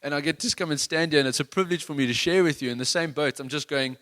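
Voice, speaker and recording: A man's voice: fairly high pitch, quick pace, hardly any pauses, a bit bright. A man preaching a sermon in an earnest, conversational, self-deprecating way, with many restarts. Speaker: worship leader giving a sermon.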